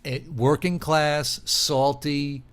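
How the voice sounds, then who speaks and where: A man in casual conversation on a podcast, telling lively stories and acting out the people in them. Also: fairly high pitch, very slow, clean tone. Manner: animated storyteller who acts out quoted voices. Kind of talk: casual chat.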